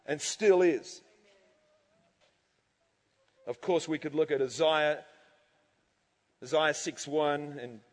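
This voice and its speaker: High-voiced male pastor preaching. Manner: animated, acts out congregation reactions, laughs often. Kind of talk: sermon. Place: church hall. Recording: church hall reverb.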